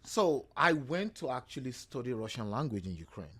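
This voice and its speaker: A man's voice: medium pitch, sing-song, a little fast, fairly bright tone, breathy edge. A man from Nigeria, a podcast guest telling stories and acting out other people's lines in quoted voices. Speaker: podcast guest, real estate agent. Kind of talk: casual storytelling conversation.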